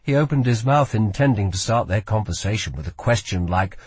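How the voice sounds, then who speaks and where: A man narrating an audiobook in expressive storytelling style. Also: on the low side, normal speed, slightly rough, no echo.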